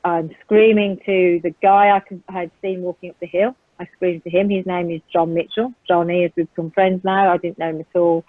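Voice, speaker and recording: This guest talks a little fast with hardly any pauses, her lowish British voice showing little pitch movement. Earnest and vivid, she retells a violent attack in the present tense with frequent ums, heard over a tinny, dry, echo-free phone line.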